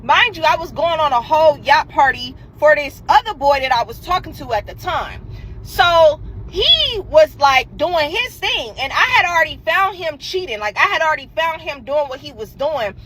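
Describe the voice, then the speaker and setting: A young woman tells a story in a high, bright voice that leaps all over its range. She swings between loud, dramatic outbursts and low, mocking impressions of other people. Faint noise sits behind her. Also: animated, moderate pace, rough recording. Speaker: storyteller in a clip. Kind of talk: animated storytelling.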